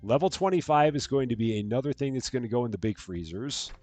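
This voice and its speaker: Lively chatty man streaming. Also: medium pitch, fast talker, soft background music. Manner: chatty, reads out jokes and greets chat viewers. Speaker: live stream host. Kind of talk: casual gameplay commentary.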